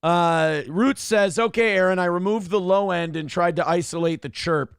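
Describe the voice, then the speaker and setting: A man with a high-pitched voice hosts a casual livestream, reading out chat messages. He is loud and joking, jumping between shouts and low mutters. The sound is dry and close to the mic. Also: normal speed, clear, resonant tone, dry recording. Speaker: show host reading chat donations.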